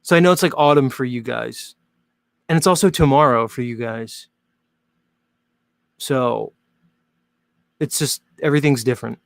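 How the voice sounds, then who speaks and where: A man hosts his show in a casual, joking monologue, wandering from thought to thought with plenty of fillers. His voice has a gravelly, fry-tinged texture. The sound is dry and close, with no room echo. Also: medium pitch, normal speed, long pauses. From Northern Hemisphere. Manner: chatty, rambling, jokey, many "like" fillers. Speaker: host.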